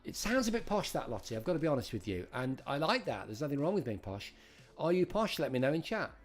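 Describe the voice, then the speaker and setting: A man's voice: a little high, big pitch swings, fast talker, soft background music. A middle-aged man hosting a live-streamed retro quiz, chatting and greeting viewers by name as he reads out questions. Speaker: host.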